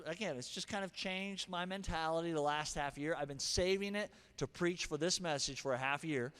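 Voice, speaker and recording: A high-pitched, animated male pastor delivering a sermon, dropping to near-whispers and then shouting his key lines. His voice carries a long hall reverb, as if preached in a large sanctuary. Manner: animated, swings from hushed asides to shouted punchlines.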